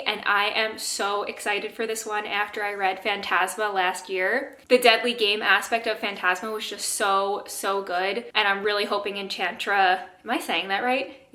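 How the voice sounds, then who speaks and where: A young woman talks in a casual reading vlog, chatty and enthusiastic, her words full of fillers as she rambles on. She is a little out of breath the whole time. Her voice is bright and crisp, and the room around her sounds echoey. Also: medium pitch. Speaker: book vlogger. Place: home.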